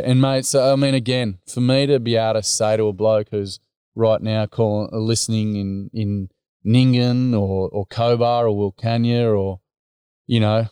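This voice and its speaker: Mellow, smooth-voiced Australian man. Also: fairly low pitch, dry recording, studio quality. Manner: storytelling, full of slang, acts out dialogue. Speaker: guest, workshop facilitator. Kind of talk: casual podcast interview.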